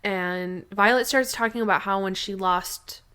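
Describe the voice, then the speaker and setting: A woman talking in a relaxed, chatty way as she co-hosts a podcast. She gushes about what she loves, circling back and restarting her sentences, with plenty of fillers and a voice pitched in the middle range. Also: unhurried, smooth. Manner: gushing, rambling with many restarts and fillers. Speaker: podcast co-host. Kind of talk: casual chat.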